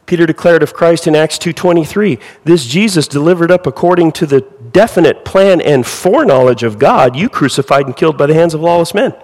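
A man preaching a sermon with lively rhetorical questions to his congregation. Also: on the high side, a little fast, few pauses, big-room sound, rough recording. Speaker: pastor.

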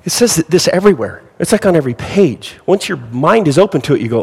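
A man preaching a sermon with lively rhetorical questions to his congregation. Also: a little high, fast, breathy edge, long reverb tail, poor audio. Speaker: pastor.

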